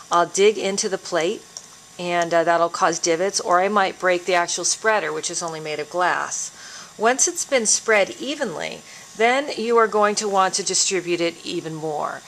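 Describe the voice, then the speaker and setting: Woman, lowish voice, calm lab instructor, step-by-step, faint room hum. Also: normal speed. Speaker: biology instructor. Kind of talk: lab demonstration narration. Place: biology lab.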